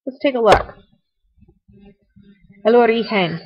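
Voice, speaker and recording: A woman's voice: a little high, takes it slowly, dull audio. A young adult woman teaching a recorded Spanish grammar lesson, explaining points conversationally with repetition and small asides. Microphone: computer mic for screencast.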